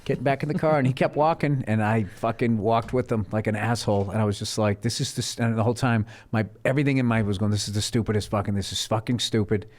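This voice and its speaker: A man, a guest comedian on a podcast, telling stories in a profane, animated way and acting out the people in them. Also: on the low side, fast talker, few pauses. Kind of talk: casual comedy podcast chat.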